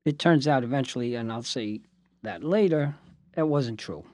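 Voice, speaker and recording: A man, a lawyer, telling a lively anecdote with asides and voiced quotes. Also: mid-range voice, moderate pace, dry recording, clean studio sound. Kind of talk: spoken anecdote.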